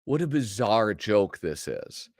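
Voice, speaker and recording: A man's voice: lowish voice, very animated, takes it slowly, a little mellow, dry recording, clean studio sound. A man hosting a live show, chatting casually with rambling, joking asides that trail off mid-thought. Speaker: host. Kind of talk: casual live-stream commentary.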